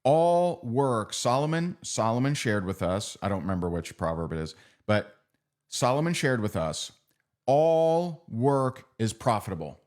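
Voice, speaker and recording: A man's voice: lowish voice, animated, normal speed. A middle-aged man giving a motivational training talk. He speaks conversationally, repeats phrases and keeps asking his audience "right?".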